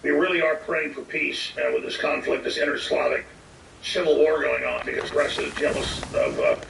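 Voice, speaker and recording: A man hosting a political talk show, blunt and forceful, cutting in to finish his guest's points. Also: medium pitch, wildly swooping pitch, moderate pace, gravelly. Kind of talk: combative political talk radio. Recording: echoey, distant, noisy studio feed.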